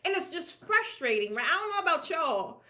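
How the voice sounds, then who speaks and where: Bright high-voiced woman, laughing, emphatic. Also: a little fast. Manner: lively, laughing, colloquial and emphatic. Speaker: draping business owner speaking to peers. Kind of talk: casual motivational talk to an audience.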